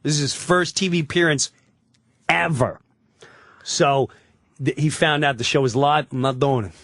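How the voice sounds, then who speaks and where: A man, a guest comedian, telling an animated anecdote on a talk show, swearing freely and acting out the voices. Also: a little high, a little slow, no echo, studio quality. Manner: excitable storyteller, swears freely, acts out voices.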